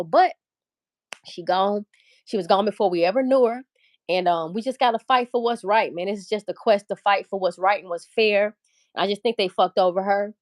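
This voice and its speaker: A woman's voice: mid-range voice, no room sound, clean studio sound. A woman hosting a casual livestream chat, talking in a candid, emphatic, profane and rambling way. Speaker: livestream host.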